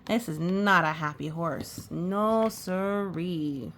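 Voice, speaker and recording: Brief: a woman reading a children's picture book aloud, animated, pointing out pictures, unhurried delivery. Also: fairly low pitch, slight background noise. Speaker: storytime reader.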